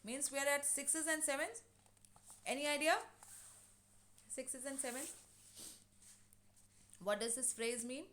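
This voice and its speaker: A woman teacher walks her class through a play. Her voice sits a little high and she paraphrases each line with plenty of fillers. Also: a little slow, pauses often, a bit bright. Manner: explanatory, paraphrasing with many fillers. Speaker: English teacher.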